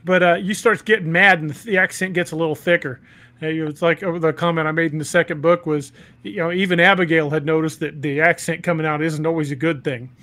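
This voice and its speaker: Podcast host guy, kinda high voice, excited, talks a lot explaining stuff. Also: fast talker. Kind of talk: casual chat.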